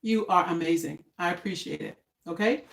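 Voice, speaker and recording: An older woman chatting casually on a home cooking live stream, homey and relaxed, talking while she eats. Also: on the low side, normal speed, vocal fry, reverberant. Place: home kitchen.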